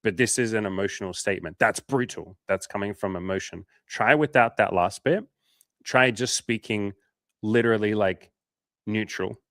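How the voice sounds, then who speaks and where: Reading viewer comments out loud on his casual coaching livestream, a low-voiced dating coach replies with frank, profanity-laden advice at a moderate pace. His tone is a bit bright, and the audio is close and dry, free of room echo.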